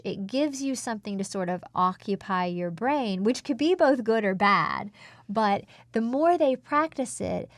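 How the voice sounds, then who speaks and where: Measured woman explaining as a speech coach. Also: mid-range voice, dry recording. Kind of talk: instructive interview talk.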